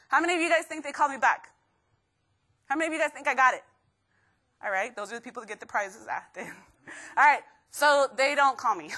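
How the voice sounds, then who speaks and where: A woman in her thirties giving a motivational talk to students, telling lively stories with acted quotes. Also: a little high. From Texas, USA. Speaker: motivational speaker. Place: stage before a live student audience.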